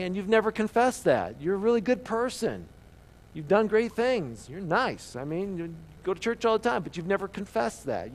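A man's voice: fairly high pitch, a little mellow. A male pastor preaching a sermon to a congregation, reading scripture dramatically and then talking conversationally. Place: church sanctuary.

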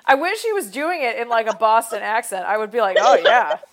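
Rambling young woman, chatty and high. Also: very animated, fast, crowd noise. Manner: rambling, many fillers and restarts. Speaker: podcast co-host. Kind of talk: casual chat.

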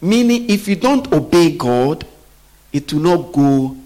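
A man preaching a sermon, often pausing so the congregation can finish his sentences. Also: a little high, sing-song, dark tone. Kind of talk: sermon with call-and-response.

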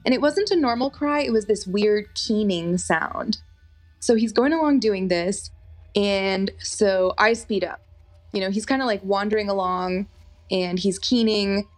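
A woman's voice: mid-range voice, a little slow, soft background music. A young woman telling a personal story in a casual, chatty way, full of fillers. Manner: animated, chatty, lots of fillers.

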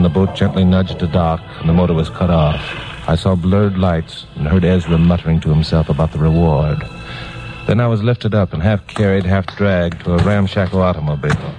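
Tough young private eye, wry and hard-boiled, very deep voice, played by a man; old radio drama. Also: dull audio, natural voice. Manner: hard-boiled first-person narration. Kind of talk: 1950s radio drama acting. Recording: old radio broadcast with music underneath.

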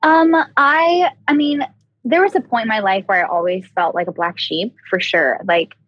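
A woman's voice: on the high side, moderate pace, muffled recording. A young woman from the American South, a guest chatting casually and laughing often. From Southern US (Kentucky, Ohio). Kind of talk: casual chat.

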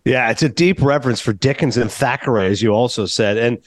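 A man's voice: medium pitch, brisk, dry recording, studio quality. A man hosting an interview podcast, asking questions and eagerly praising the film. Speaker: podcast host.

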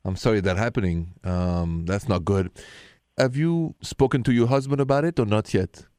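A man's voice: lowish voice, moderate pace, darkish tone, smooth, dry recording, clean studio sound. A man, hosting a call-in radio advice show, explaining things and teasing what comes next. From France. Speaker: radio relationship advice host.

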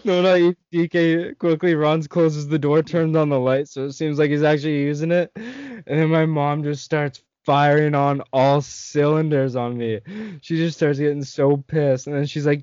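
A man's voice: on the high side, normal speed, a little mellow, clean tone, no echo. A young man from Canada hosting a casual chat with friends, telling stories and laughing often with plenty of swearing. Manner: laughing storyteller, lots of swearing. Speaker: host. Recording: dull lo-fi dry sound.

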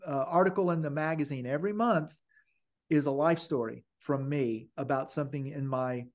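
A man's voice: fairly high pitch, a little mellow. An older man, a podcast guest, telling long stories in a rambling way with many restarts and fillers. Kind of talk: casual interview storytelling.

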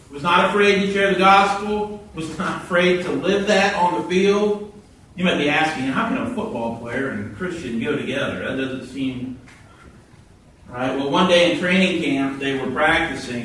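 A man's voice: mid-range voice, distant mic, slight background noise. Man preaching a sermon in an echoey hall. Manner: storytelling with animated quoted voices.

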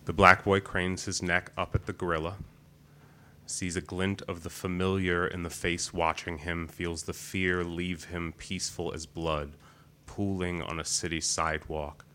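A man performing a spoken-word poem at an open mic, measured and deliberate. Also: deep voice, pushed and bright, slight background noise.

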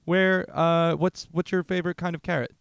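A man's voice: on the high side, level tone, normal speed, gravelly, smooth, no room sound. An American man co-hosting a casual comedy podcast, joking with a friend and stumbling over his words. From United States. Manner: joking, stammering restarts. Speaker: podcast co-host.

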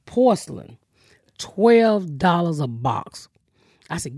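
A brash woman hosting a comedy podcast, telling profane everyday stories and acting out what people said to her. Her voice is husky and swoops up and down with energy. The sound is dry and close to the mic. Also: mid-range voice, expressive, a little fast, darkish tone, no room sound. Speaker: podcast host. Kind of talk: casual comedic chat.

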